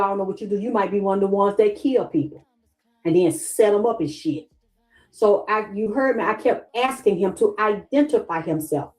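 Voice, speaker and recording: A woman's voice: medium pitch, darkish tone, poor audio. A middle-aged woman talking straight to her viewers in a heated, profane livestream rant, acting out what others said to her.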